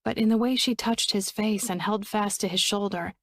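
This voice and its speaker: A woman narrating a romance audiobook in a steady, even storytelling voice on a close studio mic. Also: mid-range voice, normal speed, no echo.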